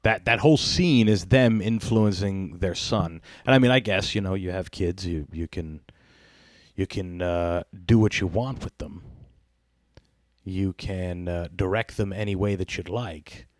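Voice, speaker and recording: Podcast host, deep dry voice, rambling profane comedy chat. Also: male voice, a little slow, no room sound. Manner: rambling, profane, laughs often.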